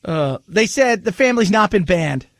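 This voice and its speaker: A man's voice: high voice, lively intonation, moderate pace, no echo. A male talk radio host in his forties giving an indignant, sarcastic rant into a studio microphone. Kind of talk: opinionated talk radio monologue.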